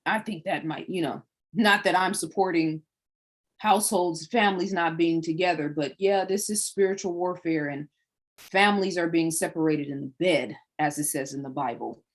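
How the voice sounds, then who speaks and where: A woman's voice: on the low side, normal speed. A woman hosting a livestream, delivering a preachy monologue full of rhetorical questions. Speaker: livestream host.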